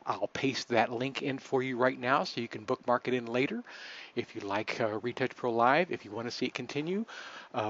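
A man hosting a live webcast, talking in a relaxed, chatty way with many fillers and restarts. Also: medium pitch, highs cut off. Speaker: host.

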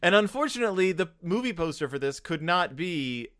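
A man's voice: sits high, very animated, fairly quick, a bit bright, a little hiss or hum. A man co-hosting a podcast in casual, jokey chat, laughing as he talks. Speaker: podcast co-host.

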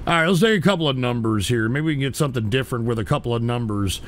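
A man hosting a crude comedic call-in show, ranting loudly and profanely with exasperation. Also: mid-range voice, animated, racing.

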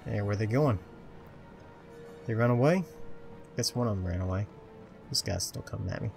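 Playing a video game, this commentator mutters to himself in a chatty, self-mocking way. He speaks at a normal speed in a lowish, gravelly voice, with music in the background.

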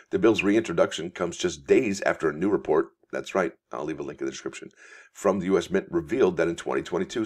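A man's voice: low-pitched, a little mellow. A male coin channel host giving casual news commentary, reading articles aloud in a chatty, folksy way and calling his viewers folks. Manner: reads articles aloud with asides.

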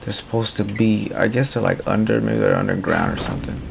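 A man's voice: on the low side, steady tone, brisk, creaky, few pauses, over music. A man giving casual, rambling commentary while playing a game. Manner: rambling, loose and chatty. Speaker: gaming streamer.

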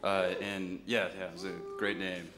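A young man in a band answering interview questions in a relaxed, rambling way with many fillers. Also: low voice, moderate pace, music in the background. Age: young adult. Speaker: band member.

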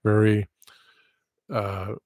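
A man's voice: on the low side, monotone, drawn-out words, darkish tone, no echo, clean studio sound. A man hosting a livestream, chatting in a rambling, digressive and self-deprecating way. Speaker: livestream host. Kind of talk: casual livestream chat.

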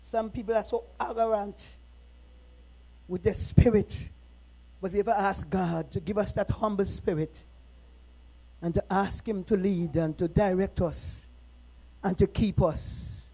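A middle-aged woman minister preaching a sermon, moving from quiet, personal talk to impassioned shouting. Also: medium pitch, a little slow, pauses often, breathy edge, poor audio.

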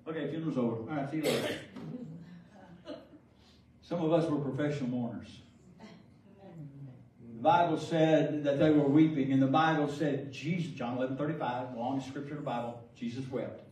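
A man's voice: mid-range voice, fairly even intonation, moderate pace, pauses often, a little mellow. A man preaching a sermon, telling stories with jokes and frequent laughter. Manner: jokey storytelling, laughs often. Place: large church sanctuary. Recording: echoey hall from far off.

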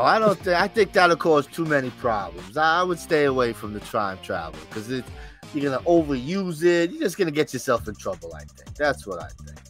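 A man's voice: medium pitch, very animated, moderate pace, fairly bright tone, faint music behind. A man co-hosting a casual pop-culture podcast, playful and teasing, laughing often. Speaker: podcast co-host. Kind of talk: casual chat.

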